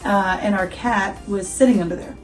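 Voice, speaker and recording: Casual, giggly woman host chatting through a coffee review at home, with soft music under her voice. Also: mid-range voice, fairly even intonation, normal speed, rough recording. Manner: chatty and giggly, quizzes viewers, asides to her dog.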